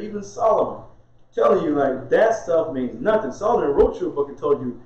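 A man delivers a chatty, lively sermon in a somewhat high voice. He keeps laughing and answers his own questions. The sound is heavily echoey and muffled. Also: fairly quick. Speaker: minister. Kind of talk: informal conversational sermon.

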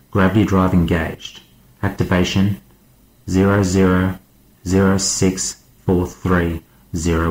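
A man narrating an audiobook as a guest reader, in a measured, steady way. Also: sits low, roomy sound, low-quality recording.

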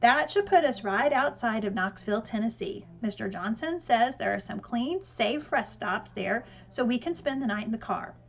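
A woman's voice: fairly high pitch, expressive, gravelly, a bit bright, heavily acted. A woman voicing an organized mother who methodically reads out a trip plan. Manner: methodical, brisk list-reading. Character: organized, businesslike mother laying out plans.

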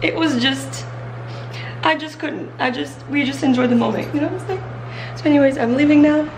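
A young woman in her twenties chatting casually to camera in a vlog, bubbly and gushing, quick to laugh. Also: sits high, background noise. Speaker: vlogger.

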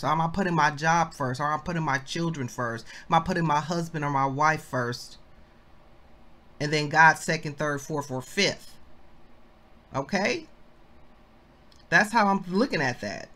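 A woman leading a Bible study, reading commentary aloud slowly and breaking into excited exclamations, calling her listeners family. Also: on the low side. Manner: slow and deliberate, bursts into excited exclamations; addresses listeners as family, asks them questions.

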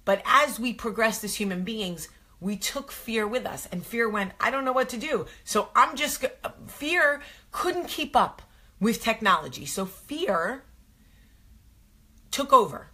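A chatty woman hosts a casual talk, asking her viewers rhetorical questions. Her voice is bright and forceful, and she takes her time. She sounds like a woman in her thirties. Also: fairly high pitch, expressive, slow pace. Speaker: host.

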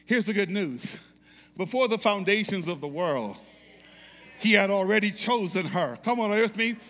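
A man preaching in a church with a high, bright, ringing voice. His delivery is fervent, and he repeats lines and urges the congregation to answer back. A long reverb trails off his words through the sanctuary. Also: lively intonation, normal speed. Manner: fervent call-and-response preaching, repeats phrases. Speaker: pastor. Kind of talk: sermon.

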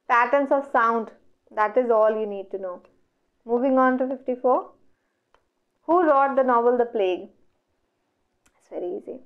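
A woman with an Indian English accent teaching an online exam revision lecture, working through questions step by step and asking herself questions that she then answers. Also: fairly high pitch. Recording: dull lo-fi audio.

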